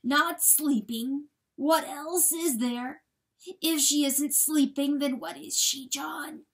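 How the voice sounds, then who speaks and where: A woman reading a storybook aloud, voicing a bewildered, grieving father coyote who pleads in halting, breathy, hushed words. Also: high voice, lively intonation, recorded from a distance, voice pushed up, full character voice. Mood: pleading. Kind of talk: dramatic audiobook reading.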